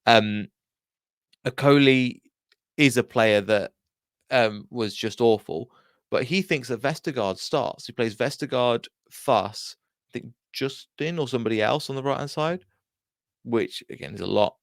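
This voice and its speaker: A man's voice: mid-range voice, measured pace, no echo, clean studio sound. A young man from England, host of a fan channel, rambling through a casual solo match review with many restarts and acted-out quotes.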